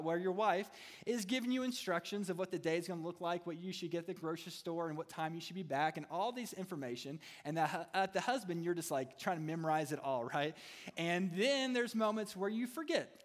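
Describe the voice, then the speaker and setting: Joking pastor preaching in a hall. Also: male voice, high voice. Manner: humorous, playful asides. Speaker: student ministry pastor. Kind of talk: sermon. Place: church hall. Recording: reverberant hall.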